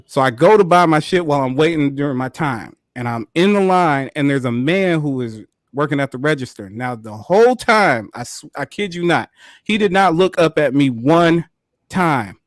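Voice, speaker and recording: Animated, profane male storyteller. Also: a little high, normal speed, no echo, clean studio sound. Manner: animated, profane, laughs often. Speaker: podcast co-host. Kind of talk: casual storytelling.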